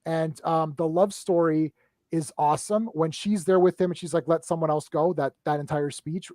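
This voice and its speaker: A man on a casual live-stream film chat, excitedly retelling scenes in quick bursts, restarting often and tagging on "right?". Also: a little high, no echo. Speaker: movie discussion panelist.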